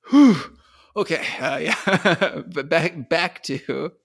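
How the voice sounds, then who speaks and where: A man's voice: a little high, sing-song, extremely slow, gravelly, slightly rough. A young adult man co-hosting a podcast, joking wryly and often correcting himself mid-sentence. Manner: joking, self-correcting, wry. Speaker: podcast co-host. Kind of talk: casual podcast chat.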